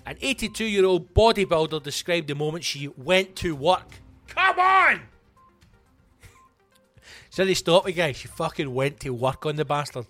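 A man's voice: fairly high pitch, moderate pace, hardly any pauses, dry recording, soft background music. A Scottish man hosting a comic podcast, ranting animatedly with plenty of swearing. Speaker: comedian and podcast host.

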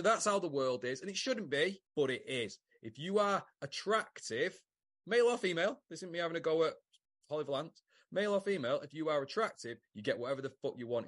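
A man co-hosting a podcast, chatting casually, animated and swearing freely with loud outbursts. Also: medium pitch. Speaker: podcast co-host.

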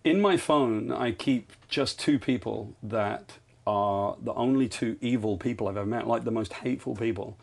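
A man's voice: mid-range voice, moderate pace, gravelly. A man, a podcast guest telling stories in casual, self-mocking chat. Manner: self-mocking, animated storyteller.

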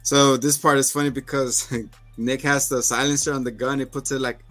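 A man's voice: medium pitch, level tone, moderate pace, a bit bright. A man chats loosely through a podcast recap of a TV episode, swearing and laughing as he acts out lines from the scenes. His voice sits in an ordinary middle register. Light music plays faintly behind him. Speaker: podcast co-host. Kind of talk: casual chat recapping a TV episode.

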